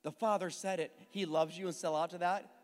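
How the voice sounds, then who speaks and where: Fervent pastor in a reverberant church. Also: male voice, sits high, fairly even intonation, brisk. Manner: fervent, rising to impassioned emphasis. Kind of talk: sermon and closing prayer. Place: church sanctuary. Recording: long church reverb with faint music.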